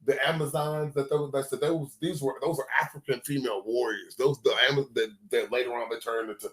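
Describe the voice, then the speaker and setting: A man's voice: fairly even intonation, fairly quick, a bit bright, poor audio. A man co-hosting a podcast in casual conversation, retelling what others said and laughing as he goes. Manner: storytelling, laughs between lines, drops low to quote others. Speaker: podcast co-host.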